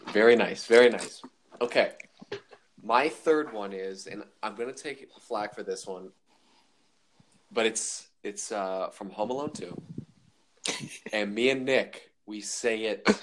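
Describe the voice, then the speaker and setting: A young man hosting a casual podcast chat, animated and quick to laugh loudly. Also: on the low side. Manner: animated, laughs loudly, says "dude" a lot.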